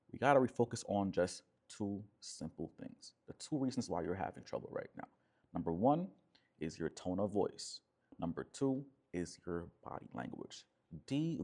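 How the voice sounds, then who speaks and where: A relationship coach talks straight to his audience in a fairly low male voice. He is emphatic and keeps checking in with a quick "right?". He often drops into short acted-out voices to make a point. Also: mellow. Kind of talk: direct-to-camera coaching talk.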